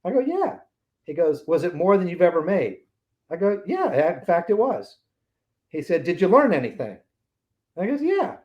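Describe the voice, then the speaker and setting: A man's voice: sits high, very animated, normal speed, long pauses, lo-fi sound. A man in his sixties, a podcast guest, telling anecdotes in a casual interview and acting out the voices of the people in them.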